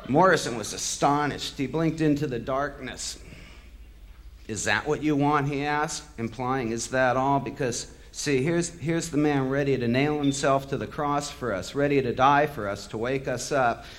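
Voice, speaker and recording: A man's voice: mid-range voice, moderate pace, a little hiss or hum. A man giving an impassioned spoken-word monologue, bitter and sardonic, swearing freely and building to angry outbursts. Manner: heated, swelling to angry outbursts.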